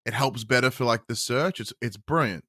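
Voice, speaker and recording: An Australian man chats as a podcast guest at a middling pitch, animated and blunt. He often stumbles and restarts mid-sentence and swears freely. The recording is dry. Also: fairly quick, dry recording. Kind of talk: casual podcast chat.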